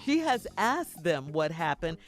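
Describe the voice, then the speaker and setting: Radio co-host, female, lively and expressive, reading a listener letter on air, soft music bed. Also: low voice, a little slow. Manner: animated, laughing often.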